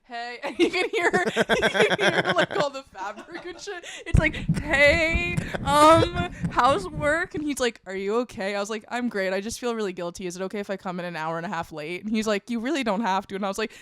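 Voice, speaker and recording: Animated laughing woman telling a story. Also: mid-range voice, quick pace, few pauses, background noise. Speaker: podcast co-host. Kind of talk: casual storytelling chat.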